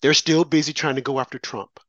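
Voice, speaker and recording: A man's voice: mid-range voice, fairly even intonation, fairly quick, a bit bright, no room sound, highs cut off. A man ranting about politics in a combative, preachy and emphatic way. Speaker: political commentator. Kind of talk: opinionated political rant.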